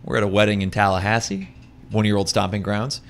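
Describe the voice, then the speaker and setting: A man's voice: fairly low pitch, fairly quick, creaky. Man telling a story on a talk show. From Florida, USA. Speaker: co-host. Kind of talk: casual chat.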